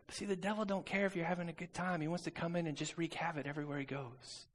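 A man preaching a sermon, telling a personal story and calling out to the congregation for responses, moving from quiet talk to shouting. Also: fairly high pitch, fairly even intonation, quick pace, a little hiss or hum. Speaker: pastor.

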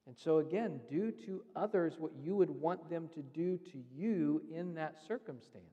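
A man's voice: on the high side, moderate pace, warm tone, dull audio. Man preaching in a reverberant hall. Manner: earnest teaching, explaining scripture step by step. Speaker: pastor. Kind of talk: sermon. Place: church sanctuary.

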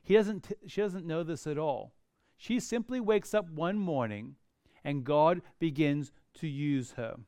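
A middle-aged pastor delivers a sermon, spinning stories with animated emphasis and wry humorous asides. His voice sits high and sounds smooth and resonant. The recording is close and dry. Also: a little slow, dry recording.

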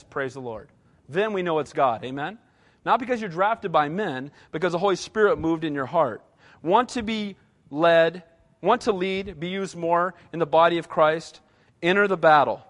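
High-voiced man preaching in punchy bursts. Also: lively intonation, normal speed, fairly bright tone. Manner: conversational, repeats short punchy phrases; often asks the congregation "right?". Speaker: pastor. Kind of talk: sermon.

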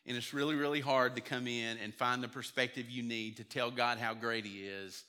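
With a smooth, sharp-toned mid-range voice, this man speaks at a normal speed and keeps his tone steady. He's a pastor delivering a conversational, story-driven sermon to his congregation and voicing the people he quotes. Reverb from the church hall fills the sanctuary recording.

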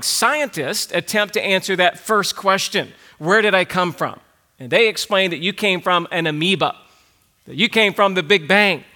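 A man delivering a sermon in a high, bright voice. He declares his points with firm conviction and drives them home by repeating key phrases. His delivery is emphatic and direct. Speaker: pastor.

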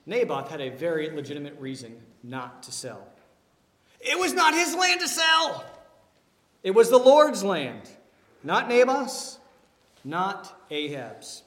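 A man preaching a sermon as pastor, animated, with many rhetorical questions. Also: high voice, takes it slowly. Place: church. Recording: echoey hall.

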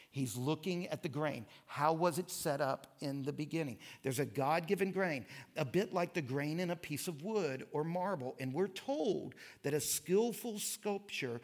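A man giving a sermon lecture, telling stories and reading quotes with lively emphasis. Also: a little high. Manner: animated storytelling, reads quotes with emphasis. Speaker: pastor.

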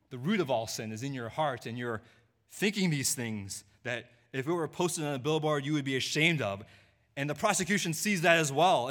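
A man preaching a sermon, dropping to a hushed, low delivery and rising to a pleading voice when he voices a sinner's confession. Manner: swings from hushed low delivery to raised, pleading voice in quoted lines.

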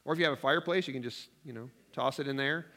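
A man's voice: mid-range voice, very fast, a bit bright. A man preaching a sermon as pastor in a church, chatty and self-deprecating, acting out his own worried prayers. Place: church sanctuary.

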